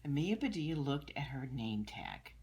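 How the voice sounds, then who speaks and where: An older woman, a grandmother, reading a picture book aloud to children and gently explaining the pictures, with soft murmured asides. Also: extremely low pitch, very animated, normal speed, slight background noise. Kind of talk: storybook read-aloud with commentary.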